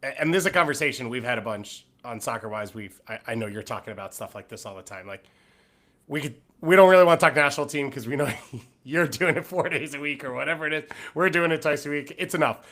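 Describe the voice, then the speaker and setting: A man's voice: medium pitch, expressive, fast, a bit bright. A man co-hosting a podcast, chatting casually, teasing the guest and asking rambling questions. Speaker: podcast co-host.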